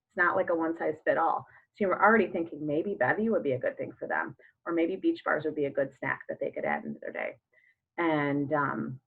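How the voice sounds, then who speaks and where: A woman in her thirties coaching in a chatty way, full of fillers and acted-out sample chats. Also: low voice. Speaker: network marketing coach. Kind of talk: casual coaching talk. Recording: phone-like narrow sound.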